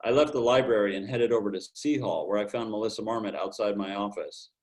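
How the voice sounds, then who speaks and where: A man's voice: lowish voice, fast talker, a little mellow, poor audio. A man at home reading his first-person detective story aloud over a video call. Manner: hard-boiled storybook narration. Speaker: open mic reader.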